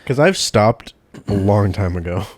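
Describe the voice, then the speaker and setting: A man co-hosting a casual chat podcast, blunt and deadpan, swearing often. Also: lowish voice, unhurried, slightly rough, no room sound. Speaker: podcast co-host.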